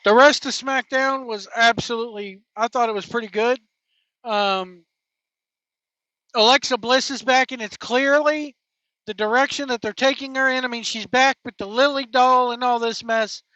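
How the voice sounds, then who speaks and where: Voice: mid-range voice, fairly even intonation, moderate pace, sharp tone, dry recording. A wrestling show host giving casual, informal commentary with slangy, emphatic phrasing. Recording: dull lo-fi, dry.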